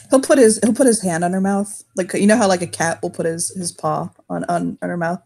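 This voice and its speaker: Husky woman narrating a tabletop game. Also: fairly low pitch, darkish tone. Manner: rambling, swears, many fillers and restarts. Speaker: game master.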